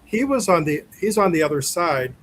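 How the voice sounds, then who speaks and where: A man's voice: a little high, big pitch swings, moderate pace, fairly bright tone, slight background noise, low-quality recording. A man hosting a podcast, chatting enthusiastically with his guest. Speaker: podcast host. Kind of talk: casual conversation.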